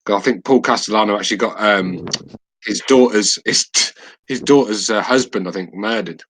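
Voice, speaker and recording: Low-voiced man telling stories. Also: fairly bright tone, slight background noise, rough recording. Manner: halting, full of fillers and restarts. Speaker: podcast host. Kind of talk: casual chat, storytelling.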